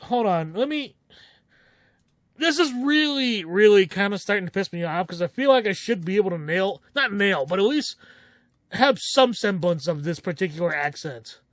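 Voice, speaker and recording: High-voiced man musing on stream. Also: lively intonation, a bit bright, no echo, studio quality. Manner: musing, reads aloud haltingly, self-correcting. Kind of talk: casual stream chat, reading game dialogue and notes aloud.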